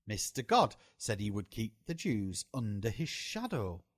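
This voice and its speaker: A man's voice: fairly low pitch, very animated, unhurried. A man reading the lines of a curious, earnest five-year-old girl in a storybook, giving plain, matter-of-fact answers.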